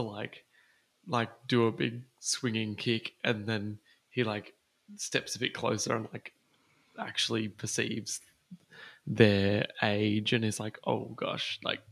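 Male player, raspy and gravelly, casual, talks through his choices. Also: mid-range voice, a bit bright. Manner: thinking aloud, loose. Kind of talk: casual tabletop play.

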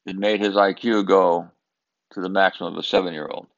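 An older man from Southern California with a very low, gravelly voice tells a personal story. He speaks earnestly and with emphasis, now and then stumbling over repeated words. The recording sounds a little dull and lo-fi. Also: level tone. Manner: earnest, emphatic, with halting repetitions.

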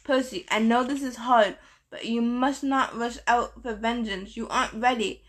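A woman reading the part of a wise, weary male centaur teacher in a measured, gentle way, as an audiobook. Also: fairly high pitch, steady tone, close to an everyday voice. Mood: gentle, firm.

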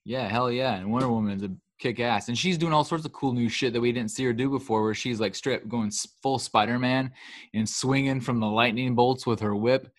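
Excitable swearing man on a podcast. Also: mid-range voice, a little fast. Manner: excitable, swears freely, breaks into mocking impressions. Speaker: podcast co-host. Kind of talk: casual chat.

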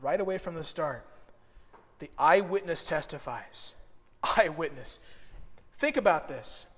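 A high-voiced man preaches a sermon in a church, with a long reverb trailing his words. He tells stories animatedly and acts out the quotes he gives. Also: unhurried. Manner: animated storytelling with acted-out quotes. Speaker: pastor.

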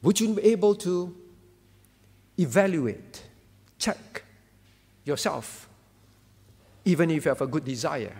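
A man's voice: fairly high pitch, expressive, slow pace, creaky, pauses often, darkish tone, husky, long reverb tail. A man preaching a sermon as pastor, emphatic and repetitive, asking the congregation questions. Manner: emphatic, repeats key phrases, asks the congregation questions.

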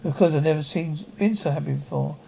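A young wife entranced by an old house, speaking softly and wistfully. The recording sounds like a vintage television drama, with muffled, dull audio. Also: female voice, low-pitched, fast talker, gravelly, slight background noise. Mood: dreamy. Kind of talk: 1970s television drama acting.

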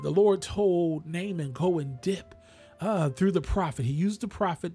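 Preaching man, higher voice, soft music behind. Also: breathy edge. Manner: call-and-response preaching, rising to exclamations. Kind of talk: radio sermon.

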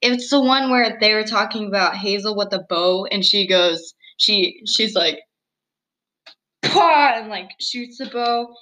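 A girl in her early teens co-hosting a casual video-call chat, giggly, chatty and quick to laugh at herself. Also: medium pitch, sharp tone, rough recording. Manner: giggly, chatty, self-deprecating. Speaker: co-host. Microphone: computer mic on video call.

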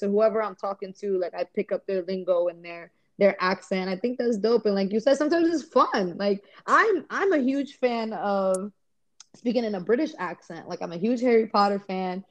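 A woman's voice: medium pitch, normal speed, dull audio. A woman from Rhode Island, a podcast guest in casual chat, talking in an enthusiastic, rambling way with lots of "like.". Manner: chatty, filler-heavy, enthusiastic.

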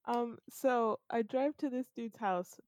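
In a slightly high, smooth voice, a young woman slowly tells a friend about a dream she had. It's a casual chat, and her storytelling is animated, broken up by frequent laughter.

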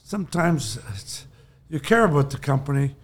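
A man's voice: a little high, animated, normal speed. An older man, a podcast co-host, telling long rambling anecdotes in casual chat and chuckling often.

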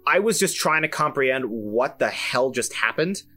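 Young guy rambling through a story on his podcast, mid pitch, soft guitar underneath. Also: moderate pace. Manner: animated, self-amused, many fillers and restarts. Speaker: podcast host. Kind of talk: casual solo storytelling.

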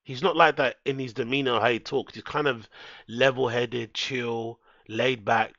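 A man's voice: medium pitch, steady tone, measured pace, sharp tone, dry recording. A man chatting casually with his live-stream audience, laid-back and swearing freely, into a headset microphone. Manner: laid-back, swears a lot, talks straight to his chat. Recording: dull lo-fi headset mic.

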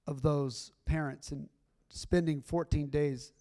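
Male pastor, middle-aged, slightly higher voice, earnest conversational sermon delivery. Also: fairly even intonation, slow pace, dark tone. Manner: earnest, conversational preaching with rising emphatic bursts.

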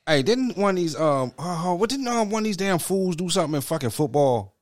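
Man, father, podcast co-host, casual profane chat, giggly, lively pitch. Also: a little fast, dry recording. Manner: profane, giggly, easily cracks up.

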